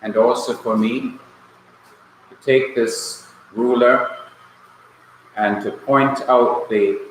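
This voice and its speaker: A male Bible language teacher from Jamaica, lecturing a class slowly and patiently, repeating key points. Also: medium pitch, fairly even intonation, a little hiss or hum. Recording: echoey classroom, mic at a distance.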